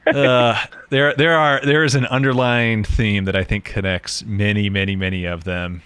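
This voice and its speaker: A tired man co-hosts a casual livestream chat, talking in a low register with a bright, forceful edge. He is chatty and often repeats himself as he winds things down. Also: steady tone, normal speed, smooth, dry recording. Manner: chatty, repeats words while winding down. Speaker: podcast co-host.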